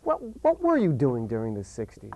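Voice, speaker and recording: A man's voice: mid-range voice, wildly swooping pitch, normal speed, dark tone. A man hosting a folk music show, interviewing his guest in a casual, encouraging way. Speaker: show host.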